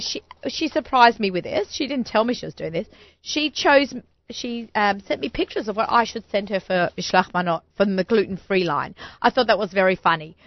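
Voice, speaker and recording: A woman in her forties hosting a radio talk show, chatty and excitable, often laughing. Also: medium pitch, dry recording, muffled recording. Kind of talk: casual chat.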